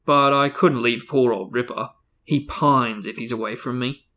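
A man doing a booming bossy aunt. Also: steady tone, normal speed, pushed and bright, natural voice. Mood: booming, scolding. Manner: booming, barking delivery. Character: loud bossy middle-aged aunt, domineering and harsh.

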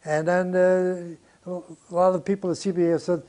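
This older man's voice is high and dark-toned, with little pitch movement and an unhurried pace. A record producer, he recounts studio stories in an interview, blunt and profane, with quick chuckles here and there.

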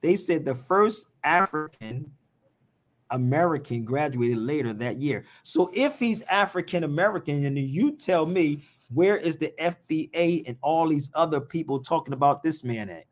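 A man's voice: fairly high pitch, expressive, normal speed. Man, live-stream host, casual talk, impassioned, blunt, rambling, slangy.

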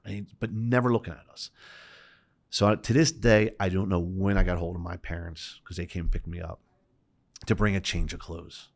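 A middle-aged man, a podcast guest, retelling a personal story with lively quoted voices. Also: low-pitched, moderate pace, gravelly.

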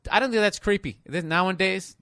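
Loud, profane man. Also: sits high, brisk, clear, resonant tone, no echo, studio quality. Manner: loud, profane, riffing and mocking. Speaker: podcast host. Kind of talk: comic advice podcast, reading letters.

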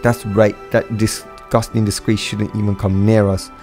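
A man's voice: lowish voice, flat delivery, a little slow, a little mellow, soft background music, close to an everyday voice. A man voicing an arrogant, disdainful teenage boy who sneers his lines for a fan storybook reading. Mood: sneering.

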